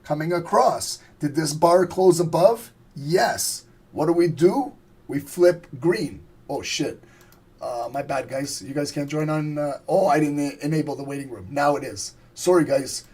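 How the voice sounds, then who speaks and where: A hoarse man as a trading instructor, casually walking viewers through price charts on a live stream, profane and checking they follow along. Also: a little high, unhurried, darkish tone.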